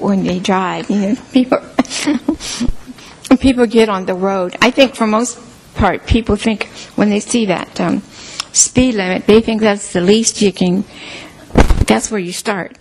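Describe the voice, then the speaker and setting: A woman's voice: mid-range voice, unhurried, slight background noise, low-quality recording. A woman preaching a sermon in an earnest, conversational way, sharing personal testimony.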